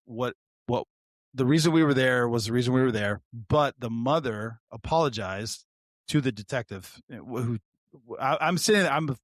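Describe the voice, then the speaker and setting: A man co-hosting a podcast, telling a story in loose, animated chat. He swears often and trips over his own restarts as he goes. His voice sits at an ordinary mid pitch and sounds close and dry, with no room echo. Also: moderate pace. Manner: profane, animated, frequent restarts. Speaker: podcast co-host, retired deputy.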